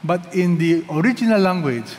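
A man's voice: sits high, lively intonation, moderate pace, darkish tone. A man preaching a sermon, emphatic and leading the congregation to repeat phrases after him. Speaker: pastor. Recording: reverberant hall with faint noise.

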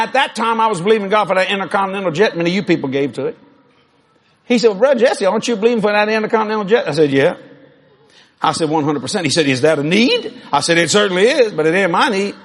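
Preacher guy, husky and high, shouts and laughs a lot. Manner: animated, shouting asides, laughing. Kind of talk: sermon.

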